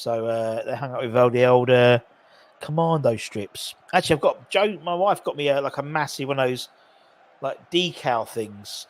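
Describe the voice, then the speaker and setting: A man hosting a live football watchalong, calling the play casually, joking and bantering with viewers in the chat. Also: medium pitch. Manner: chatty, jokey, banter with viewers. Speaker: host of a live match watchalong.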